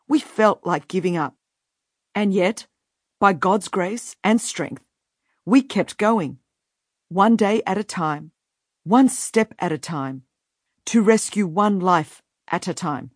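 A woman reading her own book aloud in an earnest, measured, inspirational way. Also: mid-range voice, lively intonation, dry recording, studio quality. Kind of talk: scripted audiobook narration.

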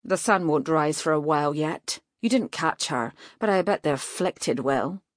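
Woman doing a male mage, arrogant, scornful, quick, demanding, dry close sound. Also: sits low, no echo, lightly acted. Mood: contemptuous. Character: arrogant, sneering young male mage, hot-tempered.

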